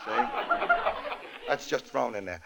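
A man's voice: medium pitch, slow, gravelly, very noisy. A man hosting a comedy show, telling a comic story in a wry, joke-timed way. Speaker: comedy radio host.

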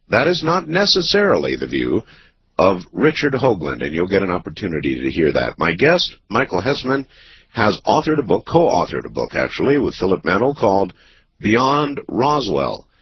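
Male radio host, deliberate pacing, low and expressive, slightly dull sound with faint hiss. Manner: measured, drawn-out delivery with many pauses. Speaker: radio talk show host. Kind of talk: late-night radio talk. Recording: muffled broadcast audio with faint hiss.

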